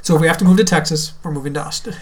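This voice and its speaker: A man's voice: on the high side, fairly even intonation, rapid-fire. A man co-hosting a podcast in casual chat, joking and laughing often. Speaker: podcast co-host.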